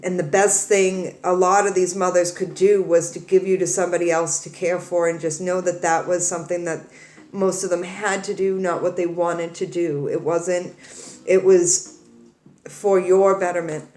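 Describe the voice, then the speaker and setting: A woman's voice: fairly low pitch, level tone, normal speed, a little mellow, echoey room. A woman tarot reader talking earnestly to her viewers, crying as she comforts them, with many repeats and restarts. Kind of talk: emotional direct-to-camera talk.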